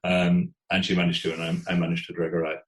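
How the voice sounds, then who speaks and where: A British theatre executive in his sixties telling stories in an interview, animated, often restarting words and quoting voices. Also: low-pitched, quick pace, echoey room, low-quality recording. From Britain. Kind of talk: conversational storytelling.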